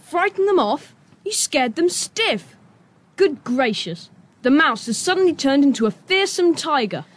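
A sensible, protective boy who keeps the others calm. He speaks in a high voice with a steady, gently teasing manner. Faint background noise sits under the dialogue. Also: unhurried. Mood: amused. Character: sensible boy Julian, leader of the group. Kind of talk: audio drama acting.

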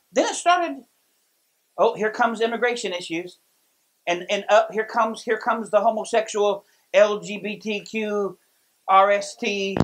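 A man preaching a sermon as pastor, telling stories with lively delivery and frequent restarts. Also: sits high, low-quality recording. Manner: storytelling, lively, many restarts.

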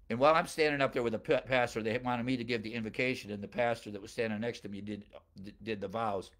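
Animated preacher man, chuckling asides. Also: mid-range voice. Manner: conversational, with chuckling asides and personal anecdotes; reads scripture aloud, then paraphrases it in plain speech. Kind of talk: expository Bible sermon.

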